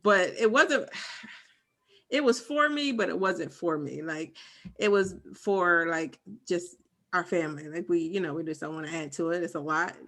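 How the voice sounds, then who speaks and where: Bright animated woman telling a story. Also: fairly low pitch, normal speed. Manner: animated storyteller, acts out quotes. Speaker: podcast co-host. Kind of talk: casual chat, personal story.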